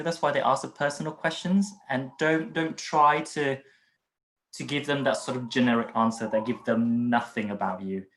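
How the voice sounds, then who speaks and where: A man's voice: medium pitch, a bit bright, poor audio. A man hosting an online webinar over a video call, coaching in a casual way, teasing his co-presenter and laughing easily. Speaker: webinar host.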